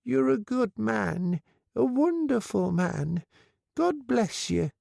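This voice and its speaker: A man voicing a frail, grateful old widow with a high, thin, quavering voice, in an audiobook reading. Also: expressive, takes it slowly, creaky, a little mellow, no echo, clean studio sound, full character voice.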